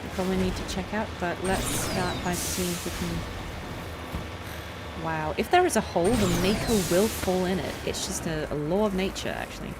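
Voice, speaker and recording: A woman's voice: lowish voice, moderate pace, heavy background noise. A woman voice actor chatting through a game with lots of fillers and rambling asides. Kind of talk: casual let's-play commentary. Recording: game sounds under the voice.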